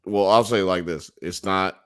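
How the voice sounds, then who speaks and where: Male podcast host, very deep voice, blunt and profane, hot takes. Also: steady tone, moderate pace, clear, resonant tone. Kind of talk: casual late-night podcast banter.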